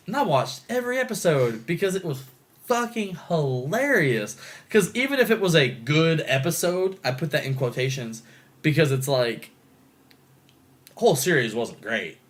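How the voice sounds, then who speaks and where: A young man co-hosting a casual podcast, telling stories with lively, swooping intonation and frequent swearing. His voice sits a little high for a man. He rushes along excitably and piles up his sentences. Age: young adult. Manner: excitable, swearing, animated storytelling. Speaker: podcast co-host. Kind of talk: casual chat.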